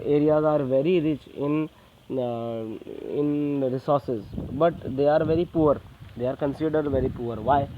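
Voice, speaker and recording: A man with an Indian English accent giving a classroom lecture, pausing often with fillers and stressing points for exams. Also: mid-range voice. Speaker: teacher. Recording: tinny phone-like sound.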